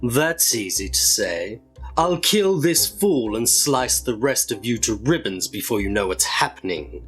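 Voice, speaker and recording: A man's voice: mid-range voice, lively intonation, a little slow, a bit bright, soft background music. A man reading a storybook aloud while voicing a proud, menacing male stranger who talks in an easy drawl. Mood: threatening.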